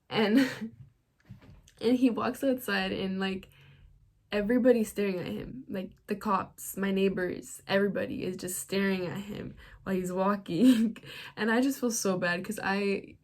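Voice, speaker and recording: Teen girl vlogger spilling a story, says like constantly, laughs a lot, mid pitch. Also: steady tone, a little slow, darkish tone. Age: teens. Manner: chatty, fills every phrase with "like"; laughs often while telling. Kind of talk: casual storytelling.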